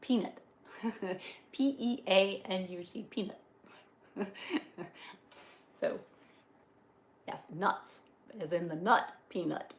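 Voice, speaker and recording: Taking it slowly and pausing often, a medium-pitched Northeastern US woman talks casually with viewers during a livestream. She's inside on a farm while it rains, and her speech has frequent fillers and restarts.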